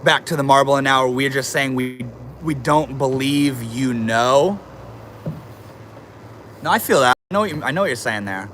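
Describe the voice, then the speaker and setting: A man's voice: mid-range voice, moderate pace, fairly bright tone, a little hiss or hum. A man casually chatting on a livestream, reading viewer comments aloud and answering them in a laid-back, slangy way.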